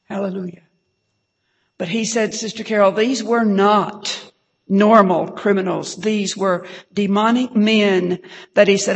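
A woman preaches a fervent, emotional testimony, often breaking into hallelujah and sinking to a hush for the saddest parts. Her voice has a gravelly, creaky edge. It rings out with a long reverb through a church hall. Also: medium pitch, fairly even intonation, measured pace. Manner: fervent, repeats hallelujah, drops to a hush at times.

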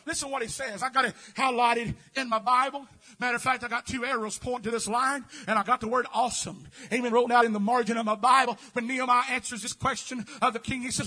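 A man preaching an impassioned sermon, often shouting and dropping in amens. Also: very high-pitched, fairly quick, husky.

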